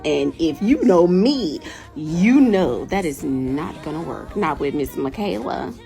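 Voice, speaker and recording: A woman telling a personal story to camera in a casual storytime, animated and laughing, acting out quotes. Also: takes it slowly, vocal fry, loud music behind the voice. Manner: animated, laughing, acts out quotes with big pitch jumps. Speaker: storyteller vlogger.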